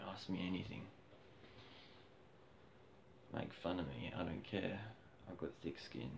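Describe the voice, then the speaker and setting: Low, gravelly man ranting. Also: noisy background. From Australia. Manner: cheeky, blunt, gets loud and heated when ranting. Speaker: livestreamer. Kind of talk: casual rambling livestream. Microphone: phone.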